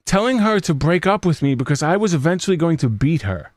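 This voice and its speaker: A man co-hosting a casual recap podcast, talking in an animated, emphatic way and sometimes ranting. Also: a little high, brisk, dry recording, studio quality. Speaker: podcast co-host.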